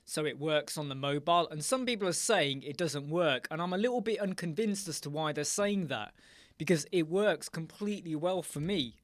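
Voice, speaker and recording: A man's voice: a little high, animated, normal speed, no room sound. Chatty man hosting a live stream. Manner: casual, greets viewers by name, rambling. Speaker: host. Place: his room at home.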